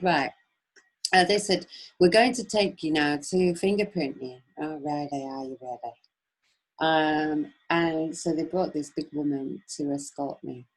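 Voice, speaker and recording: A woman telling a long personal story on a webinar, animated, acting out the voices she quotes, with many restarts. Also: low voice, vocal fry, slightly rough, low-quality recording. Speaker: webinar speaker. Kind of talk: casual storytelling.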